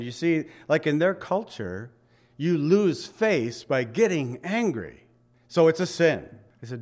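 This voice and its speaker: A pastor preaching a conversational sermon, swinging between loud emphatic bursts and quiet asides. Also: male voice, medium pitch, expressive, measured pace.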